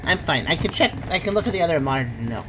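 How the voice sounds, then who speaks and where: A woman talks through a game as she plays it, her pitch bouncing up and down as she thinks aloud. She chats easily and laughs often. A faint hiss sits under her voice. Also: animated, racing. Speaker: streamer. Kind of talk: casual gameplay commentary.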